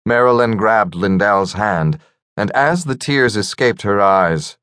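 A man narrating a fantasy audiobook in a measured, gentle storytelling manner. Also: lowish voice, animated, smooth, dry recording, clean studio sound. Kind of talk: scripted narration.

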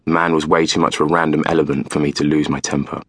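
A man narrating a novel in the first person, calm and measured. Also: extremely low pitch, no echo, clean studio sound. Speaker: audiobook narrator.

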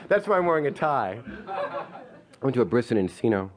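A man's voice: mid-range voice, fairly bright tone. Male comedian in his fifties, stand-up storyteller; rambling, stop-start delivery with plenty of "like", self-mocking and playful.

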